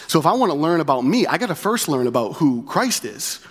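A man's voice: a little high, big pitch swings, brisk, breathy edge. A man preaching a sermon as pastor, talking in a conversational way, repeating key phrases and often asking "right?". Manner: conversational, with frequent tag questions.

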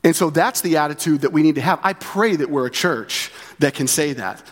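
A man's voice: fairly high pitch, a little fast. A man preaching a sermon as pastor, talking in a conversational way, repeating key phrases and often asking "right?". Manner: conversational, with frequent tag questions.

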